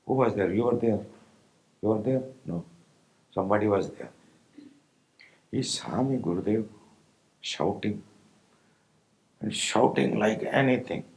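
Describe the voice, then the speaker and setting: A man with an Indian accent giving a slow, pausing spiritual discourse to meditators, often asking his listeners if they follow. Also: fairly low pitch, vocal fry, darkish tone, poor audio. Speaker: spiritual teacher.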